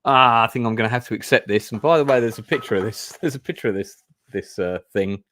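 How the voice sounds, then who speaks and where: A man's voice: fairly low pitch, lively intonation, fast talker, a little hiss or hum. A man reading through a fantasy gamebook and chatting casually as he plays. He hesitates often and swears now and then. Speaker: gamebook player and streamer. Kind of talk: casual play-through narration.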